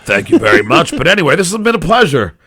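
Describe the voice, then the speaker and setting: Loud profane man, high lively voice. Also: fast, breathy edge, no room sound, clean studio sound. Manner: loud, profane, sarcastic, swinging between shouting and mumbling. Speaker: interview guest, comedian. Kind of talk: profane political rant and casual chat.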